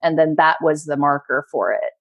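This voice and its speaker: A woman's voice: low-pitched, normal speed, creaky, no room sound, lo-fi sound. A middle-aged woman, a podcast guest, speaking passionately and motivationally in casual conversation. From Maryland, USA. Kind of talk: casual interview chat.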